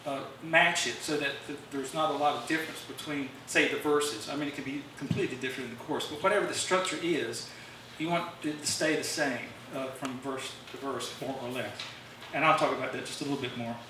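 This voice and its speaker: A man's voice: medium pitch, steady tone, brisk, hardly any pauses. Man lecturing in a very echoey room. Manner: rambling, with many fillers and restarts. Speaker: songwriting speaker at a club meeting. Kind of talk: informal talk to a group. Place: meeting room, recorded from a distance. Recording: very echoey room, distant mic, faint hiss.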